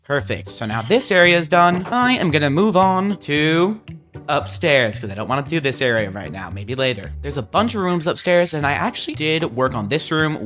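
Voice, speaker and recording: A man giving casual, playful gameplay commentary, chatting along and breaking into sudden excited outbursts. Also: mid-range voice. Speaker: gaming video creator.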